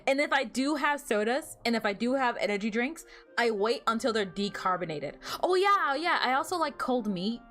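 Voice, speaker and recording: A young woman VTuber streams a game, and her fairly high voice is expressive, a bit bright, and moderately paced, with soft music in the background. She chats casually, giggling and rambling with many fillers.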